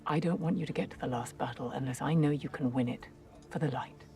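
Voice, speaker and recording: An actress playing a composed female sorceress mentor who speaks in measured, clipped, frank lines over faint score. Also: very deep voice, warm tone, soft background music. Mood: stern.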